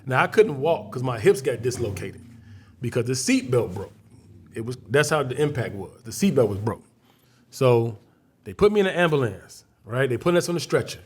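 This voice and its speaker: A man's voice: medium pitch, very animated, normal speed, slightly rough. A man from Chicago, a guest comedian, telling a story in a casual interview, acting out scenes and voices vividly.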